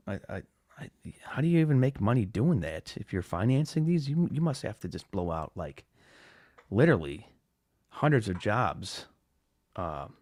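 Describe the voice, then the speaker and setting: A man with a very low voice hosts a live-streamed podcast in a relaxed, rambling way, restarting his sentences and filling gaps with "uh" and "like". He sounds dry and close, with no room around him. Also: no echo. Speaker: podcast host. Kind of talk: casual live-stream chat.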